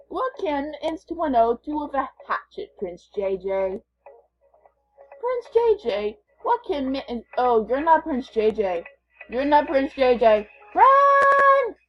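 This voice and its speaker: Woman vlogger, unhurried and chatty, higher-pitched, casual gameplay chatter on a dull lo-fi recording. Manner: playful, chatty, thinking aloud. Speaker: gamer vlogger.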